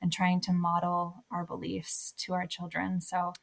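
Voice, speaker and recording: Woman, young adult, low pitch, gravelly, level delivery, earnest, reflective, podcast guest. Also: completely flat delivery, measured pace. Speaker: author guest. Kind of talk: casual podcast interview.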